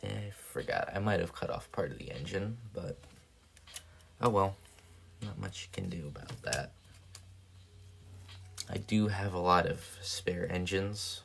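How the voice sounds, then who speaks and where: Man, very deep voice, gravelly, soft-spoken, rambling live-stream chat, faint noise behind. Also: lively intonation, measured pace, pauses often. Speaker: paper plane hobbyist streamer. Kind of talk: casual live commentary while crafting.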